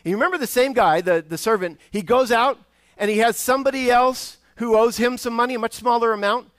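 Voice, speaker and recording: A man's voice: extremely high pitch, fairly quick, a bit bright, no room sound. A man, a guest preacher in a church, giving a conversational sermon with frequent restarts and acted-out voices from a parable. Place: church sanctuary.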